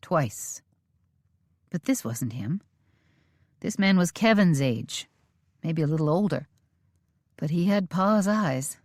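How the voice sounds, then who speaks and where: A woman reading a western romance audiobook in measured, steady storytelling. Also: on the low side, no room sound, studio quality. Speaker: audiobook narrator. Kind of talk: scripted audiobook narration.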